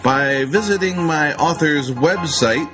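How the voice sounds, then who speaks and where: A man's voice: on the high side, slow pace, low-quality recording. A man reading a scripted book promotion in a dramatic, insinuating way. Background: music.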